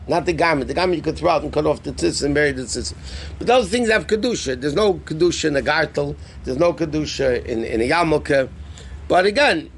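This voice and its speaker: Man, rabbi giving a live class, slightly high voice, conversational, explains and asks the room questions. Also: fairly bright tone. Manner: answers student questions. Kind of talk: live Jewish law class.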